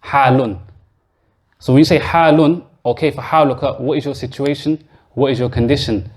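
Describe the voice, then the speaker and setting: A man's voice: medium pitch, fairly even intonation, moderate pace, a little mellow. A man teaching a classroom grammar lesson in a mosque, explaining patiently step by step and quizzing his students. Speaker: Arabic teacher.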